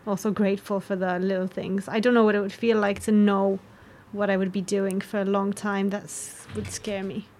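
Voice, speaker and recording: Young woman from romania, guest, casual chat, frank and lively, laughs easily. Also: mid-range voice, moderate pace, few pauses. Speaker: guest, actress and writer.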